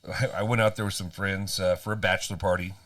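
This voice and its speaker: A man co-hosting a podcast, telling a profane story in animated casual chat. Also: low-pitched, fast, no echo, clean studio sound, distant mic. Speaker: podcast co-host.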